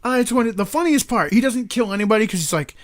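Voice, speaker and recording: A man co-hosting a casual talk show, excitedly retelling a movie scene and acting out the characters' lines. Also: high-pitched, fast talker. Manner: animated, acts out quoted lines. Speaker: podcast co-host.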